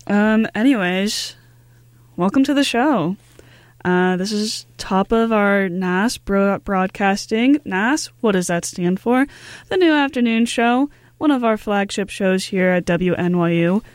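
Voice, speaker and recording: A woman's voice: medium pitch, animated, a little slow, no echo. Upbeat female radio host, casual chat with fillers, dry close studio sound. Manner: chatty and upbeat, many fillers.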